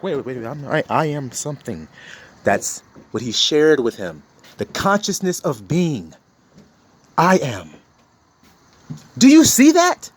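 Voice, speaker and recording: A man preaching in a loose, informal way, his voice sitting a touch high and swinging widely up and down. He swears casually and often breaks into laughter as he drives his points home. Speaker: spiritual teacher.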